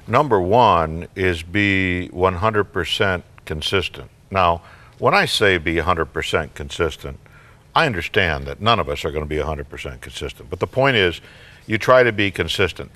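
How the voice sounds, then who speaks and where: A man's voice: low voice, animated, moderate pace, sharp tone. An older man, a psychologist guest on a talk show, giving parenting advice in a folksy, joking way.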